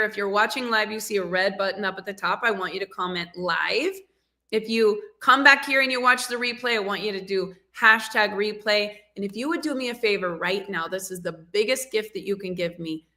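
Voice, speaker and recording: A woman coaching an audience live over a video call, her voice bright and forceful. She speaks emphatically, pushing listeners to take action. The sound comes from a video call microphone. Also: medium pitch, a little fast. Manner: emphatic, rousing, urges the audience to act. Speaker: motivational coach and show host.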